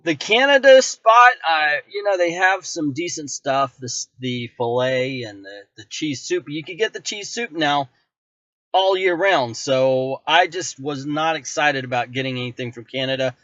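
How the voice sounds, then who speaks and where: A man's voice: a little high, normal speed, no echo. Male vlogger, voice-over review, easygoing, dry room, dull lo-fi sound. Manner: relaxed, conversational, with self-corrections. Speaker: vlogger host.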